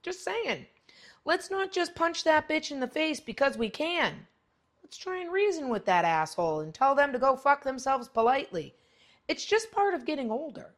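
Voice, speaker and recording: A middle-aged woman with a fairly high voice hosts her own podcast and talks straight to the listener. Her speech is blunt and full of swearing, rambling along with plenty of "like" before it jumps into loud, high exclamations. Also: sing-song, moderate pace. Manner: blunt and profane, rambling with lots of "like". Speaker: podcast host. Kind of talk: casual monologue.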